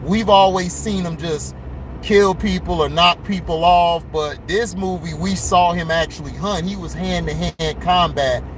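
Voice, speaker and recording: A man talks excitedly and repeats himself as he reviews a movie from behind the wheel. His voice sits high and wanders loosely from thought to thought. A faint hum of road noise runs under the car recording. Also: a little slow. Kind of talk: casual chat while driving. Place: in a car on delivery rounds.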